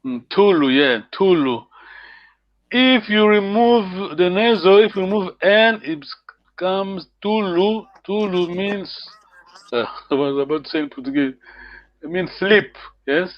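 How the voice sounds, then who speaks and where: A man's voice: high-pitched, measured pace, no room sound. A man teaching a language lesson over a video call, patient and encouraging, laughing often. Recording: dull lo-fi video call audio.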